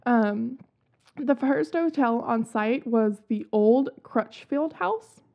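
A woman's voice: on the high side, slow pace, gravelly. A young woman hosting a casual podcast, chatty and giggly, swearing casually as she tells spooky stories. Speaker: podcast host. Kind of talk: casual chat about haunted places. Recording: dull lo-fi sound.

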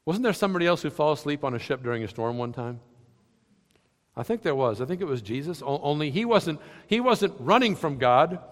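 A man preaching a sermon, swinging between loud emphatic lines and soft, quiet ones. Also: fairly high pitch, animated, a little fast, long reverb tail. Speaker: pastor.

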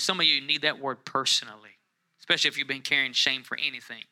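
Speaking fast in a medium-pitched, fairly even voice, a male pastor delivers a conversational sermon, calling on the congregation to repeat words after him and building to loud, emphatic readings of scripture.

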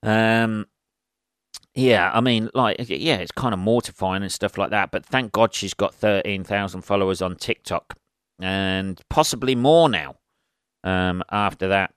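A man hosting a comedy podcast, rambling through crude tangents. He talks with a smooth, clear tone at a middling pitch. The sound is dry and close to the mic. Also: a little slow, a bit bright, no echo. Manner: crude, rambling, laughs at his own jokes. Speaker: podcast host. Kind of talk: solo comedy podcast monologue.

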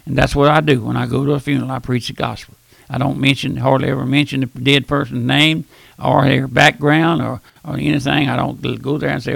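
An older preacher delivers a boisterous radio sermon in a very gravelly, husky voice. He repeats himself in a folksy way. The sound is dry and close. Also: medium pitch, no echo.

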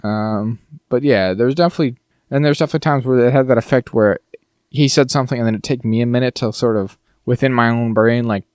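A man co-hosting a podcast, chatting casually in an animated, rambling way and repeating words as he goes. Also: medium pitch, quick pace, no echo, studio quality. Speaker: podcast co-host. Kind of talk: casual chat.

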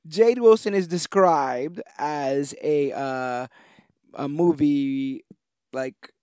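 A man's voice: a little high, drawn-out words, a little mellow, clean tone, no room sound, studio quality. A man co-hosting a casual podcast chat, rambling enthusiastically and correcting himself as he goes. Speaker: podcast co-host.

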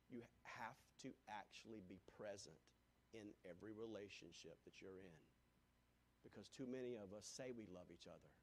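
A man preaching a sermon, folksy and repetitive, rising to loud calls and dropping to near-whispers. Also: mid-range voice. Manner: folksy, repeats lines for emphasis. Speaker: pastor.

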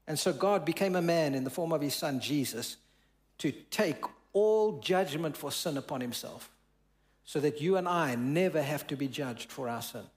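In church, a high-pitched male pastor reads scripture aloud and explains it during his sermon. He poses questions to the congregation and stretches out words for emphasis.

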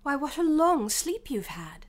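A woman voicing a gentle, soft-spoken older sister in a storybook reading. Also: high-pitched, big pitch swings, a little slow, voice pushed up. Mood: tender. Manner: soft, quiet, tender.

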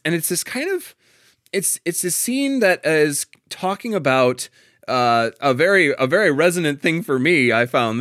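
Smooth-voiced man discussing a play. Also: mid-range voice, fairly bright tone, no echo, studio quality. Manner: thoughtful, restarts often, laughs lightly.

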